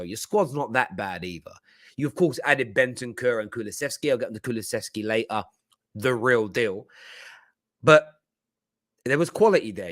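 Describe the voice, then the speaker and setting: A man hosting a live football reaction stream, talking in an animated, jokey way and reading out viewer comments. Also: mid-range voice, dry recording. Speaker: football channel host.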